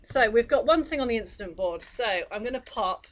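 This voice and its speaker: A woman's voice: fairly high pitch, lively intonation, a little fast, poor audio. A woman, casually explaining and demonstrating a mystery game on a live stream, chatty with many fillers.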